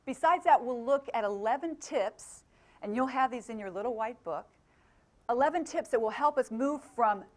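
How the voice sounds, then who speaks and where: A middle-aged woman from England giving a motivational talk to a live audience. She keeps asking the crowd questions and laughs often. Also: on the high side. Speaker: motivational speaker.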